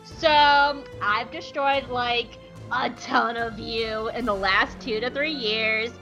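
A woman's voice: fairly high pitch, fairly even intonation, slow pace, sharp tone, soft background music, heavily acted, low-quality recording. A woman voicing a blunt, exasperated male warrior monk in a parody retelling. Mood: mock polite.

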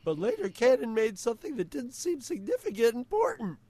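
A man voicing an excitable young male fan in a high, strained comic voice. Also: brisk, heavily acted. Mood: excited.

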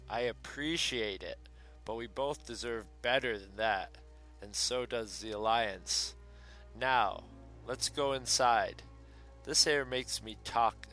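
A man's voice: mid-range voice, a bit bright, poor audio. A man reading as an earnest princess leader. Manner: reads comic dialogue with stressed words.

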